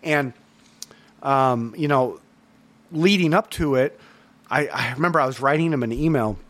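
A man hosts a casual solo podcast recap with a mid-pitched voice. He talks earnestly and rambles, circling back through plenty of fillers and restarts. The tone is a relaxed one-man chat. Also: normal speed, no echo. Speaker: podcast host.

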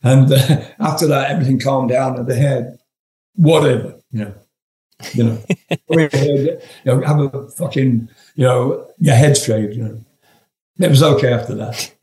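A man's voice: mid-range voice, a little slow, mellow. A man in his seventies from England, a guest telling rambling, profane anecdotes with frequent chuckles. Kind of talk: storytelling interview. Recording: roomy echo.

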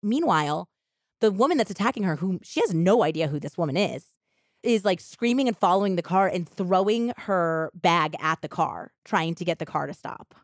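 Lower-voiced woman telling a true crime story. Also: normal speed, no room sound, studio quality. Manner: animated retelling with lots of "like" and quoted voices. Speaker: podcast co-host.

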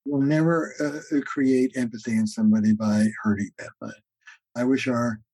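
Husky-voiced man teaching in a mellow tone. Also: medium pitch, steady tone, normal speed, no room sound, low-quality recording. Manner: earnest, teaching tone, acts out quoted arguments, frequent "uh" fillers. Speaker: guest therapist and author. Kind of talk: podcast interview, explaining ideas.

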